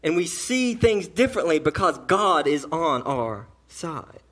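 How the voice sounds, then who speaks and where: High-voiced emphatic preaching man. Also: sing-song, unhurried. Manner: emphatic preaching that swings from hushed to loud; restarts phrases while building a point. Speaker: pastor. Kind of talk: sermon. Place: church.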